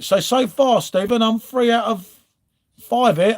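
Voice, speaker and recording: A man's voice: very high-pitched, unhurried. A middle-aged man, hosting a live stream in casual chat and greeting viewers by name. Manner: chatty, reads viewer names, trails off and restarts.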